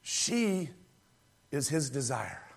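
A man preaching a sermon, conversational and animated, acting out quoted voices and rising to shouts at climaxes. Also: medium pitch, very slow, vocal fry.

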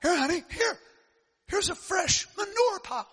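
A man voicing a fussy mother hen who calls her chicks in a high, sing-song voice during a sermon. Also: animated, moderate pace, a bit bright. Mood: gushing.

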